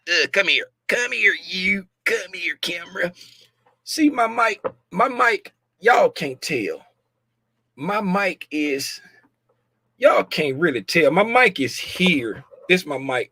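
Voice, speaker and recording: A man hosting a casual livestream about market futures, talking loudly and playfully, joking with viewers and slipping into sing-song bits, with a desk mic about a foot away. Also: a little high, big pitch swings, slow, no room sound. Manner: playful, chatty, jokes with viewers. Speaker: host reviewing market futures.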